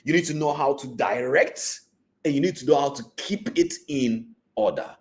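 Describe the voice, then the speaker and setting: A man's voice: a little high, expressive, moderate pace. A trading mentor man teaching a live online class, repeating his key points and asking his listeners whether they are following.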